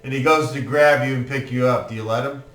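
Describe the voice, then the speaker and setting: A man's voice: medium pitch, steady tone, fast, fairly bright tone, far from the mic. A man running a tabletop game as game master, narrating playfully and laughing often. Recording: echoey room, faint music.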